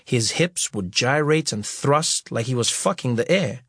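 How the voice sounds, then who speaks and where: A man narrates his memoir in an animated voice that rises and falls widely. His tone is slightly husky, and the studio recording is close and dry. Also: mid-range voice, a little slow, no echo. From South Africa. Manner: lively storytelling that acts out scenes.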